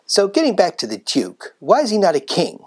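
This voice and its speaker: A chirpy, clueless anchorwoman with an American accent, played by a sketch performer, asking bright questions with a lively, bouncing lilt. It is a sketch-comedy news desk. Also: medium pitch, a little fast, husky.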